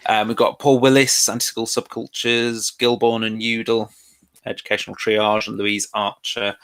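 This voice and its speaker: A man's voice: medium pitch, normal speed, fairly bright tone. A man presenting a live online revision lesson in a chatty, self-deprecating way. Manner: chatty, laughs at own pronunciation doubts.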